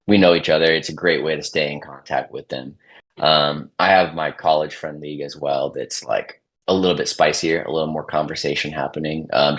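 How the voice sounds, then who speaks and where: Man, 30s, podcast guest, extremely low voice, breathy husky tone, subdued near-monotone chat. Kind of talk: casual chat.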